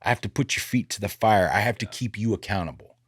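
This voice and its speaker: A man hosting a sales podcast in casual chat, animated and joking, acting out bits of dialogue. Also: lowish voice, quick pace, husky, no room sound, studio quality.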